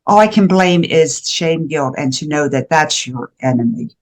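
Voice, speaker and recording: Low-voiced and animated at a normal pace, an older woman from the USA appears as a guest educator on shame and guilt. She talks earnestly and with emphasis during the interview, frequently starting over mid-thought.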